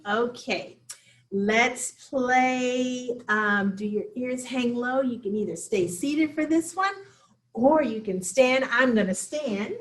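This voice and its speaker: Woman children's librarian, slow and expressive storytime reader. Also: mid-range voice.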